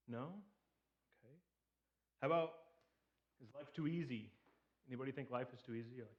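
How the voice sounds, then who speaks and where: A man's voice: mid-range voice, fairly quick, long pauses, muffled recording. A man preaching a casual sermon in a church, joking and posing questions to the congregation. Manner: joking, conversational, asks the audience questions. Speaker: pastor. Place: church sanctuary.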